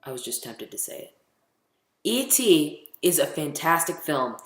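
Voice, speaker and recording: A teenage boy vlogging casually, rambling and chatty, full of ums as he counts down his favorite movies. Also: fairly high pitch. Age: teens. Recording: echoey room.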